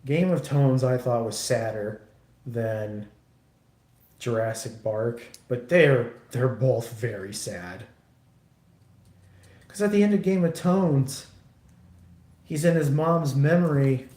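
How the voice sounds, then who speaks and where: A man's voice: mid-range voice, animated, takes it slowly, long pauses, warm tone, reverberant. A man livestreaming while he builds a model kit, chatting casually in a rambling, profane way with lots of restarts.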